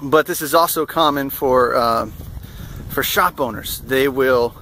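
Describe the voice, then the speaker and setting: A man's voice: mid-range voice, measured pace, sharp tone, slight background noise. A young man casually telling a travel story in a rambling way, with plenty of fillers and amused asides. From United States. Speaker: vlogger.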